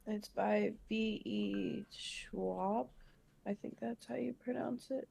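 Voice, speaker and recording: A woman's voice: medium pitch, steady tone, slow, creaky, mellow, husky. A woman in a casual book chat, eagerly bringing up books she's waiting for.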